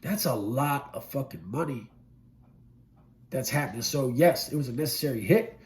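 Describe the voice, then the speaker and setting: A middle-aged man recounting his prison past in a blunt, profane storytelling manner, swinging from loud bursts to low murmurs. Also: animated, moderate pace. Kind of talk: candid storytelling interview.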